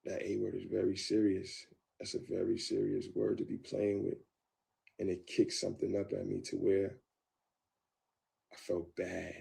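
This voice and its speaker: Brief: low, creaky-voiced man, confessional live-stream storytelling, repeats himself. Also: little pitch movement, moderate pace, pauses often. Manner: repetitive, earnest, swings from quiet musing to heated.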